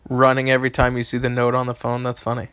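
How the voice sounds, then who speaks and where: A man's voice: mid-range voice, completely flat delivery, fast talker, a bit bright, clean tone, no echo. Man casually chatting with stream viewers. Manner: hesitant, many ums and restarts. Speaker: game streamer answering chat. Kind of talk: casual live-stream chat.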